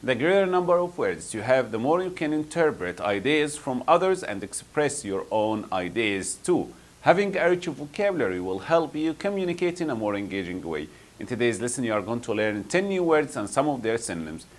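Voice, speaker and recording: A man teaching English vocabulary, saying each word slowly and repeating it to model pronunciation. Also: medium pitch, big pitch swings. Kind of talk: vocabulary lesson.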